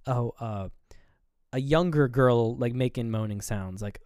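A man's voice: mid-range voice, moderate pace, a little mellow, clean tone, dry recording, studio quality. A man co-hosting a podcast, retelling horror film scenes in casual, profane chat and acting out the characters' lines. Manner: loose and profane, acts out scenes in quoted voices. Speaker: podcast co-host. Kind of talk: casual movie review chat.

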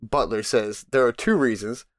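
A man with a mid-pitched voice reads crude jokes aloud to friends. He laughs easily and keeps the delivery loose. The recording is dry, with no echo. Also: normal speed. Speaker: podcast co-host. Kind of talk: casual joke-telling among friends.

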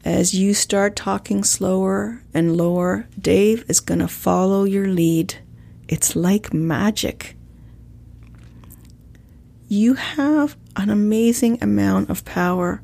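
A woman coaching on calming an angry person, talking in a calm, measured way and acting out sample lines. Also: mid-range voice, vocal fry. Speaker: communication coach. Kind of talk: instructional talk with role-play examples.

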